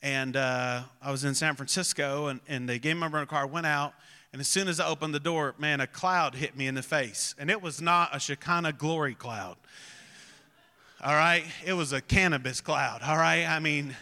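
A man with a high, very bright voice preaches a sermon to his congregation. He moves from chatty storytelling to loud, emphatic exhortation, and his words ring out with a long reverb through a large church hall. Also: moderate pace. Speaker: pastor.

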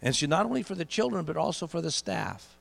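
A middle-aged man preaching a sermon, telling a story and building to loud emphatic peaks, slowing down on key phrases. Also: fairly high pitch, sing-song, gravelly. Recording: long hall reverb with mains hum.

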